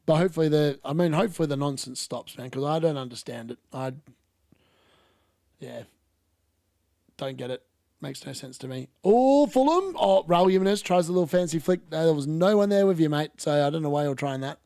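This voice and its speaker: A man talks over a live football match in a loose, opinionated ramble, dropping the odd mild swear. His voice sits a bit higher than most men's. The sound is close and dry, with no room around it. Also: brisk, creaky, mellow, no room sound. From Australia. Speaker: football watch-along host. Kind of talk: casual live match commentary.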